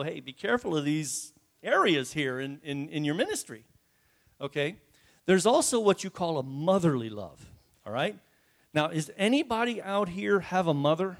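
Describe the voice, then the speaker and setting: A man preaching a sermon to his congregation in a folksy, joking way, often asking them questions. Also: sits high. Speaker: pastor. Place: church before a congregation.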